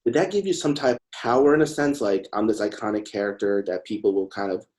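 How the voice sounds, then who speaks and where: Low-voiced male interview host. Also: fast talker, a little mellow. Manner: brief, supportive prompts. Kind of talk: interview questions.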